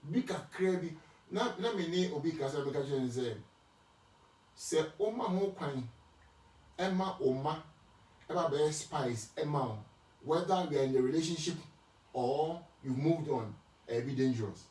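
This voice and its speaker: A man's voice: a little high, lively intonation, unhurried, pauses often, darkish tone. Man with a Ghanaian accent in an echoey room. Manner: switches between Twi and English, with many restarts and repeated words. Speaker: speaker answering marriage questions. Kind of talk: casual Christian teaching talk. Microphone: distant from the mic. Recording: echoey room, speaker far from the mic.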